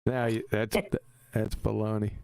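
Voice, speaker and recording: A man's voice: lowish voice, monotone, a little slow, creaky, a little mellow, clean tone, no room sound. A man hosting a casual live stream, talking in an emphatic, argumentative way and laughing easily.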